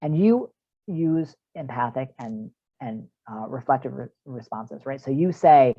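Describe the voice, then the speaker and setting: A man counseling parents in an online workshop speaks a little slowly but animatedly, at medium pitch. His practical talk is conversational and heavy with fillers. The video-call audio is dull and dry, with no room sound.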